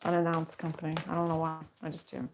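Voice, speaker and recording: A woman's voice: deep voice, steady tone, fast talker, noisy background. Chatty woman giving a tarot reading. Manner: chatty, rambling, laughs often. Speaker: tarot reader. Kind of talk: casual tarot reading chat.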